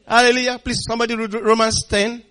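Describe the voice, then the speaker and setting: A man's voice: very high-pitched, little pitch movement, quick pace. A man preaching a sermon as pastor, emphatic and calling for responses from the congregation, often laughing. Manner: laughs often, swings loud and soft.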